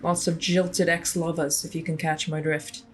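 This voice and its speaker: A woman's voice: low voice, flat delivery, moderate pace, a little hiss or hum, pitched below the performer's own voice, lightly acted. A woman reading as a gossiping male miner. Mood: insinuating.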